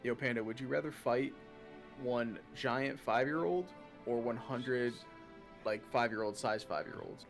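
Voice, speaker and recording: A man's voice: medium pitch, a little slow, creaky. A man with an American accent joking and teasing while playing a co-op game on stream. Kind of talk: casual co-op gaming chat. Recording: game music underneath. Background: game music.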